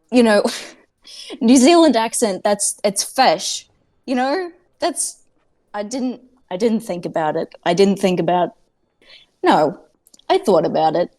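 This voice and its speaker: A woman's voice: mid-range voice, a little mellow. A woman playing a tabletop game on a podcast, chatting casually from home in a rambling, self-mocking way with lots of fillers. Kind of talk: casual chat. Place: at home with cats nearby.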